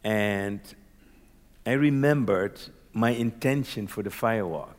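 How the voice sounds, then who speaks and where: A doctor from Curaçao telling a personal story in conversation, animated and laughing often, checking that his listener follows along. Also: fairly low pitch, slow, long reverb tail.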